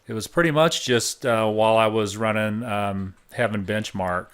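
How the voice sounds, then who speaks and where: A middle-aged man giving a relaxed, casual review of computer hardware at home, thinking out loud with frequent pauses. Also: lowish voice, smooth. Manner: relaxed, thinking aloud with fillers. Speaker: tech reviewer.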